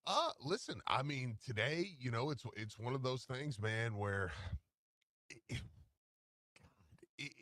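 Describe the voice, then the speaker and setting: Animated stammering male radio host. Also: medium pitch, a little slow, pauses often, dry recording, clean studio sound. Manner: animated, stammers and restarts, laughs easily. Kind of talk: casual sports radio talk. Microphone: studio microphone.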